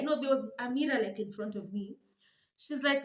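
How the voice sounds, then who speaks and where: A young Kenyan woman telling a dramatic, animated storytime for her vlog, switching languages with laughing asides. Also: sits high, a little fast, reverberant. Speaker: vlogger.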